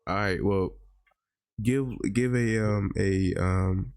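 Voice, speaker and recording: A man's voice: lowish voice, slow, a little mellow, clear, resonant tone, no room sound, studio quality. A man from Georgia, hosting a casual chat podcast and rambling with plenty of fillers. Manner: rambling, many "like" and "I mean" fillers. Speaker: podcast host. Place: virtual reality chat room.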